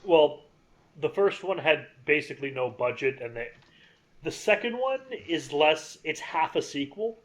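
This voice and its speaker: A man's voice: a little high, expressive, measured pace. A man co-hosting a casual gaming podcast, rambling enthusiastically through game and movie trivia. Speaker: podcast co-host.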